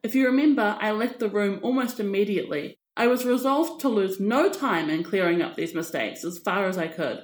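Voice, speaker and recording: A woman's voice: medium pitch, brisk, hardly any pauses, natural voice. A woman reading aloud and voicing a scheming, persuasive aristocratic mother with a theatrical manner. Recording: echoey room.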